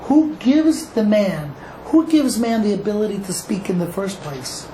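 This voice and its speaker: A male rabbi from Cleveland, Ohio, giving an animated Torah class and acting out dialogue for a live group. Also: high-pitched, measured pace. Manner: animated, acts out dialogue, asks the audience questions. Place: echoey room with a small audience. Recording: echoey room with faint noise.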